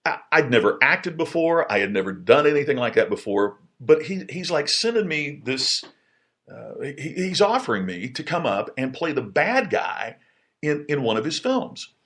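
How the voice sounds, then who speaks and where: A middle-aged man telling a personal story in a casual podcast monologue, with many restarts and sudden excited jumps in pitch. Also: normal speed. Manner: animated, lots of restarts, jumps high in pitch when excited.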